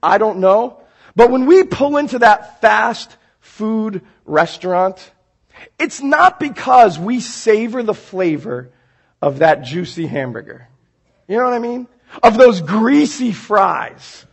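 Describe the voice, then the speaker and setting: A man's voice: high-pitched, takes it slowly, vocal fry, husky. A man preaching a sermon in a church sanctuary, telling everyday stories and acting out scenes as he goes. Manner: animated storytelling, acting out scenes. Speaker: pastor.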